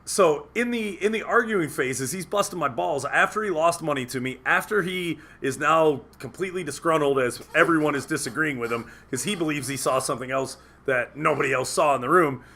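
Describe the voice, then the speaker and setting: A man's voice: fairly high pitch, a little fast, few pauses. A man hosting a radio talk show, telling rambling, profane anecdotes in casual banter. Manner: profane, rambling anecdotes with loud quoted outbursts.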